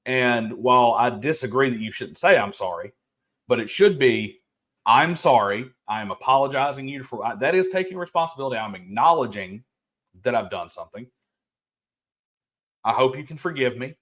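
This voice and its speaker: A man co-hosting a commentary, talking earnestly and reasoning things through, quickening as he makes his case. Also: medium pitch, expressive, fairly bright tone. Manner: earnest, reasoned, speeds up when making a point. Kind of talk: casual opinion commentary.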